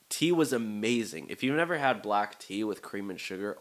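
A young man in his twenties hosts a casual solo podcast, rambling, self-deprecating and full of fillers. His voice is on the low side, expressive and at a normal speed.

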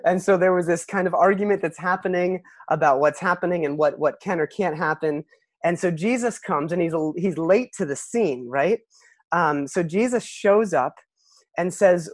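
Middle-aged male pastor, relaxed storytelling sermon, dry close sound, gentle humor. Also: high-pitched, normal speed, no echo. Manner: conversational storytelling, self-deprecating humor.

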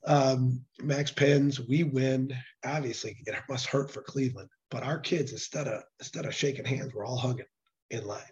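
A hoarse man, a nonprofit director, talking earnestly in a casual interview and often restarting his sentences. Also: medium pitch, steady tone, normal speed, a little mellow. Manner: earnest, with frequent restarts and fillers. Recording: dull lo-fi sound.

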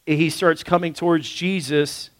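High-voiced pastor, casual preaching. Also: male voice, unhurried, no echo. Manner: casual, animated preaching with acted-out quotes. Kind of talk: sermon.

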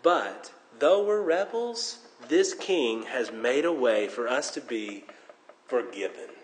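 A man preaching a sermon, animated, swinging between loud emphasis and hushed tones, with self-deprecating jokes. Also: medium pitch, takes it slowly, a little hiss or hum. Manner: jokes at his own expense. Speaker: pastor. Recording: long reverb in a large hall.

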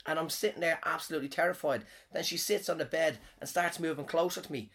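A man's voice: a little high, fairly even intonation, quick pace, a bit bright. A man who performs comedy, telling a rambling story in a casual way. He swears a lot and often trails off and restarts. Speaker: comedian and podcast host.

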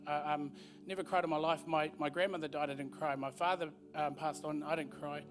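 A man giving an earnest, halting testimony at a church service. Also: fairly high pitch. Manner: earnest, halting, repeats words as he speaks. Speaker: guest speaker sharing his testimony.

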